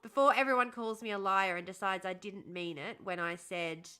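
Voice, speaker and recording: A woman's voice: medium pitch, steady tone, normal speed, pushed and bright, smooth. A woman hosting a casual livestream, chatting with her viewers and answering them with frequent laughs and sarcastic asides. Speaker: livestream host reading chat.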